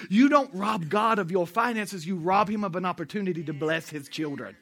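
His voice sits high and a bit bright, moving at a moderate pace with few pauses. The pastor preaches in a storytelling, conversational way, prompting responses from the congregation and making audience asides.

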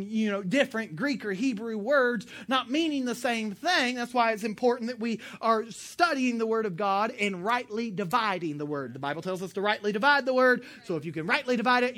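A woman preaching a sermon in a lively, emphatic way, with joking asides and sudden bursts of loud emphasis. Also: on the high side.

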